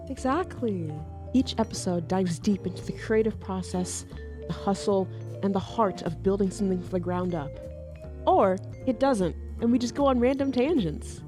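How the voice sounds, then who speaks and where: A woman introduces her podcast in a scripted read, slipping in cheeky jokes between the lines. Soft music plays faintly underneath her voice. Her pitch sits in a middle range. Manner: playful, teasing asides. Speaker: podcast host.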